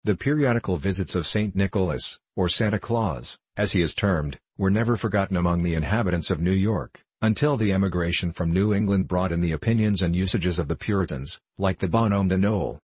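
A male narrator reading a classic novel aloud in a measured, even way. His voice is low and husky, and the recording is dry and close with no room sound. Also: no room sound. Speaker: audiobook narrator.

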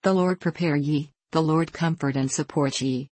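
A woman's voice: deep voice, moderate pace, darkish tone, dry recording. A woman voicing a forthright, loyal older housekeeper with a Scottish accent. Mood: lamenting. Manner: forthright, scolding, lamenting.

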